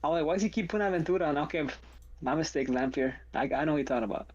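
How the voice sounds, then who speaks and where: A man's voice: on the high side, racing, dull audio. A man chatting casually on a live stream, rambling through asides and reading jokes out.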